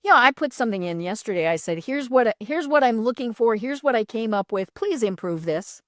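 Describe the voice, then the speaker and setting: A middle-aged woman hosting a casual interview, chatty and animated, laughing often and filling pauses with "you know". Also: a little high, no echo, clean studio sound.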